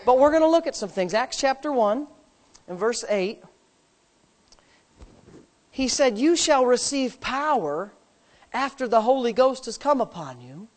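Male pastor, high voice, emphatic sermon delivery with loud shouts and soft joking asides. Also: lively intonation, a little slow, pauses often. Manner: jokes with the congregation.

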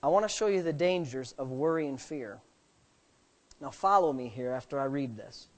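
A preacher delivering a sermon, firing rhetorical questions at the congregation and shifting between quiet asides and loud, slowed-down emphasis. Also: medium pitch, animated. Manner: jokes lightly with the listeners.

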